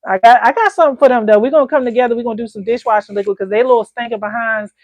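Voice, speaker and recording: A woman candle-making coach telling stories to her viewers in an animated, colloquial, chatty way. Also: on the high side, racing, no room sound. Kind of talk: casual storytelling to viewers.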